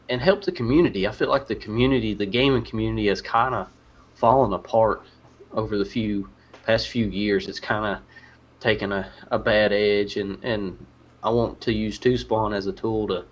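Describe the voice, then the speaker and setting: A man speaking as a guest in a casual gaming podcast chat, earnest and full of restarts. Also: lowish voice. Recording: dull lo-fi audio.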